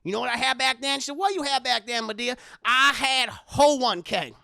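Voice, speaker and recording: A man putting on the voice of a brash, foul-mouthed old woman who talks loud and sassy. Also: very high voice, steady tone, quick pace, vocal fry, no echo, clean studio sound, heavily acted.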